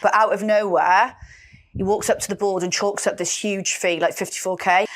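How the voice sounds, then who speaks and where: Blunt, expressive woman. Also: mid-range voice, normal speed. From Britain. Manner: blunt and expressive, swears freely, acts out quotes. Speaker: podcast co-host. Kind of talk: casual chat.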